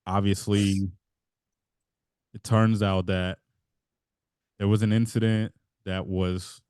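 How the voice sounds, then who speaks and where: A man's voice: lowish voice, flat delivery, takes it slowly, a little mellow, clean tone, no room sound, clean studio sound. A man co-hosting a podcast in casual chat, telling a rambling story and laughing as he goes. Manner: rambling, self-interrupting storyteller who laughs mid-sentence. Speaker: podcast co-host.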